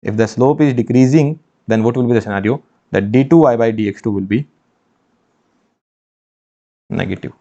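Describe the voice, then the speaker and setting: A man's voice: mid-range voice, moderate pace, pauses often, warm tone. A man teaching engineering maths in an online exam-prep lecture, emphatic, repeating phrases and asking rhetorical questions. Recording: dull lo-fi sound.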